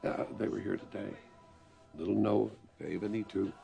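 An actor playing a devoted elderly husband in a film drama, who talks in a tender and soothing way. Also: male voice, on the low side, fairly even intonation, moderate pace, gravelly, warm tone, soft background music. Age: older.

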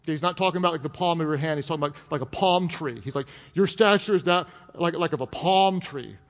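A high-voiced man preaching to a congregation, casual and joking as he works through the text. His voice rings out with the long reverb of a large hall. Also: fast talker. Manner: animated, joking and conversational. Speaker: pastor. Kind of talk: sermon.

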